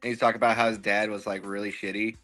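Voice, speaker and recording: A man's voice: on the low side, little pitch movement, racing, a bit bright, faint music behind. A man chatting as a guest on a panel, laughing as he recalls movie scenes. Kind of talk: casual panel chat.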